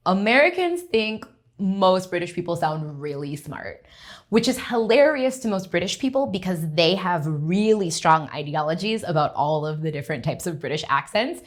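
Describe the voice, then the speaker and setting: A young adult woman, a linguistics professor, giving a conversational conference lecture and often checking in with the audience. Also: lowish voice.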